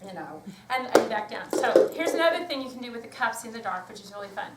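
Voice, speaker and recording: A woman music teacher with a fairly high, expressive voice leads a hands-on workshop, quickly calling out rhythm commands and chatting as she explains things to the group. She's in a workshop room with an audience, heard from far off in an echoey, very noisy recording.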